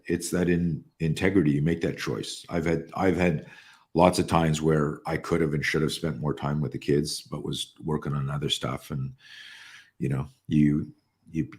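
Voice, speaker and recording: A man in his sixties with a very low, deep voice tells stories in a relaxed podcast chat. He stumbles and repeats words as he restarts sentences, then brightens when he acts out what other people said. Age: 60s. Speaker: guest. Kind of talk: casual storytelling.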